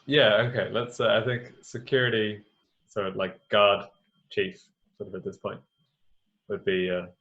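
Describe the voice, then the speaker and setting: A man's voice: fairly low pitch, little pitch movement, moderate pace. A man running a tabletop game as game master, talking casually and hesitantly. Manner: hesitant, with many fillers and chuckles. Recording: dull lo-fi sound.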